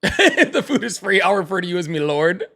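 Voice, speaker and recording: A man's voice: high-pitched, big pitch swings, fairly quick, bright, forceful tone. A man hosting a casual livestream, rambling, repeating himself and laughing often. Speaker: livestream host.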